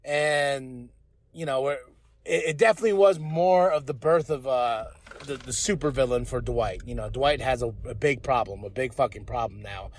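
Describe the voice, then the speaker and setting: A man hosting a podcast, giving a casual, rambling, profane recap of a TV episode, with loud bursts when excited. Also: medium pitch, normal speed, slight background noise. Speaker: podcast host.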